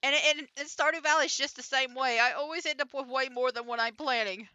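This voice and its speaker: A woman's voice: sits high, brisk, sharp tone, clear, resonant tone, no echo, dull audio. A young adult woman streaming a farming game, chatting casually with lots of fillers, restarts and giggles. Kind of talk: casual gameplay commentary.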